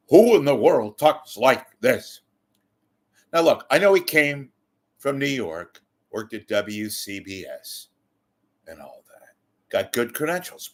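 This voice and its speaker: A man's voice: fairly low pitch, a bit bright. A man delivering a ranting commentary, exasperated, sarcastic and blunt, with occasional profanity. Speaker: media commentator.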